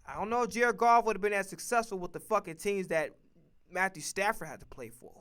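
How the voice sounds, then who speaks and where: Brisk and high-voiced, with a clean, slightly bright tone, the man goes off on football picks during a stream. It's a casual, profane sports-opinion rant from a commentator who keeps repeating himself emphatically.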